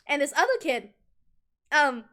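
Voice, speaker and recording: Bubbly high-voiced young woman streamer. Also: a little slow. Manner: rambling, animated, restarts and giggles. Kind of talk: casual storytelling on a live stream.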